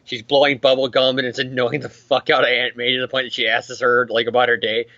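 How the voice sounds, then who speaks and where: A man's voice: mid-range voice, level tone, fast talker, sharp tone, no room sound, dull audio. A man casually recapping a comic issue as a podcast host, swearing, joking and slipping into goofy voices for the characters. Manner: profane, jokey, slips into silly character voices.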